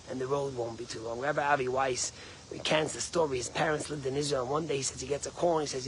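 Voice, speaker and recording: A man's voice: medium pitch, fast talker, slight background noise. A rabbi giving an emphatic sermon, mixing Hebrew and Yiddish terms into his English. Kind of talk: sermon on the weekly Torah portion.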